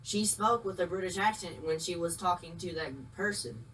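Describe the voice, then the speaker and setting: A woman's voice: lowish voice, normal speed, fairly bright tone, a little hiss or hum, rough recording. A woman in a casual movie chat, hesitant, trailing off as she searches for words.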